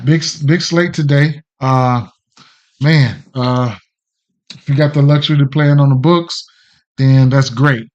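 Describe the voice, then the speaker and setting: A man hosting a sports betting livestream, chatting casually in a loose, rambling, slangy way and greeting viewers by name. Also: medium pitch. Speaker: sports betting podcast host. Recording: dull lo-fi stream audio.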